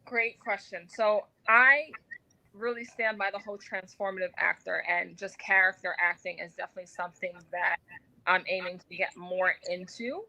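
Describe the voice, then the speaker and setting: A woman's voice: mid-range voice, steady tone, moderate pace, vocal fry, sharp tone, poor audio. A woman giving a casual radio interview as an actress and guest, talkative with many filler words.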